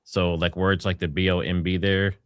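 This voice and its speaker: A man's voice: low-pitched, level tone, moderate pace, clean tone, dry recording. A man hosting a live stream in an upbeat, casual way, reading viewer messages and thanking them. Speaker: live-stream host reading super chats.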